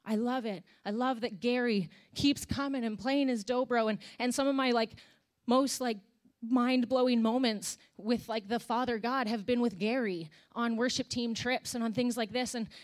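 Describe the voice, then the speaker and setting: A woman's voice: fairly high pitch, steady tone, normal speed. A young woman, a worship leader, preaching a candid, conversational sermon with sighs and emotional moments.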